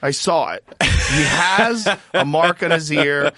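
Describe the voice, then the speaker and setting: A man's voice: fairly high pitch, animated, takes it slowly, bright, forceful tone, no room sound, studio quality. A man hosting a casual conversation, emphatic and piling up points. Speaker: host.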